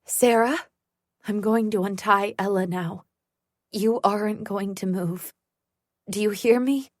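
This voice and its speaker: A woman reader voicing a protective mother who gives calm, firm commands. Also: a little high, normal speed, dry recording, clean studio sound, natural voice.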